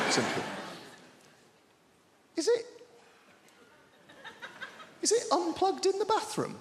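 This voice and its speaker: A man doing a deadpan stand-up bit of repeated questions and answers. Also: takes it slowly, long pauses. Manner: deadpan repetitive questioning, swooping pitch. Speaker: stand-up comedian. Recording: echoey live theatre with loud audience noise.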